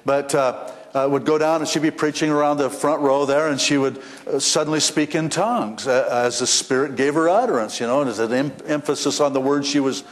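Pastor preaching in a reverberant church. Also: male voice, on the high side, fairly even intonation, a little fast, few pauses. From western United States. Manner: folksy storytelling with frequent restarts and repeated words. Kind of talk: sermon. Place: church sanctuary. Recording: long reverb of a church sanctuary.

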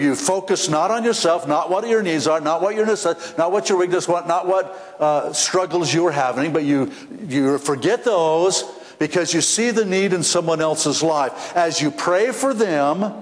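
A man preaching a sermon as the church's pastor, telling folksy stories with frequent restarts and repeated words. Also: a little high. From western United States. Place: church sanctuary. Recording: long reverb of a church sanctuary.

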